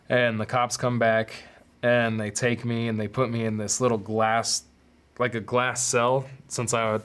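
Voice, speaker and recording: A young man hosting a podcast, telling a personal story candidly, with swearing and loud acted-out quotes. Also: medium pitch, clean tone. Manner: candid, profane, acts out quotes in raised voices. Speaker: podcast host.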